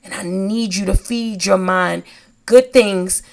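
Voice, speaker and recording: Woman giving an uplifting faith talk, slow n gravelly, leans on words. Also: medium pitch, steady tone. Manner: slow, emphatic and encouraging. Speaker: podcast host.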